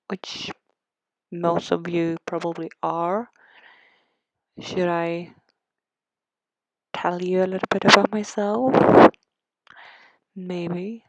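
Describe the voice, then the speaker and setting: A woman's voice: lowish voice, steady tone, takes it slowly, pauses often, no echo. A young Swedish woman with a Swedish accent, chatting casually and sarcastically over a game build, rambling and self-deprecating. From Sweden. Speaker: game build video creator. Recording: dull, lo-fi dry sound.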